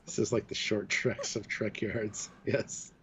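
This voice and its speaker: A man's voice: on the low side, level tone, unhurried, a bit bright, a little hiss or hum. A drunk English man co-hosting a livestream, laughing and jumping between silly put-on accents. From England. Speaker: co-host.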